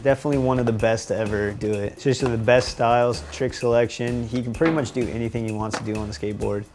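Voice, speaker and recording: A man giving relaxed, admiring interview comments about a fellow skateboarder. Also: mid-range voice, fast talker, music in the background.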